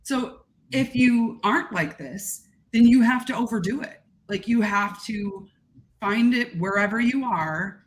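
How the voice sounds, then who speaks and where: Chatty expressive woman, guest on a podcast, talks with lots of ups and downs. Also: a little high, a little slow. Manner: gregarious, animated, expressive talker. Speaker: guest content creator. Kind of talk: casual podcast chat.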